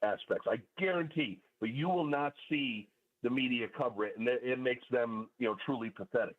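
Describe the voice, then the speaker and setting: Over a phone line, a radio caller with a mid-range voice speaks a little fast as he offers commentary. He works through his points one by one in a methodical way, leaning on many fillers.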